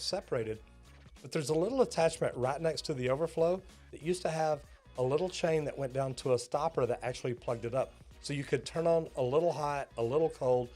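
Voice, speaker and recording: Folksy plumber explaining things. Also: male voice, mid-range voice, darkish tone. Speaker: plumber and host reacting to a clip. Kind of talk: reaction commentary.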